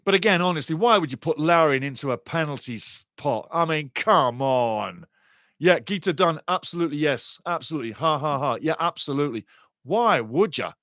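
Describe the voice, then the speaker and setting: A man calls a soccer match live as a passionate fan. His voice sits a little high and swings from low muttering to excited shouting. The sound is dry and close, with no room echo. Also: normal speed. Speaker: live watchalong commentator.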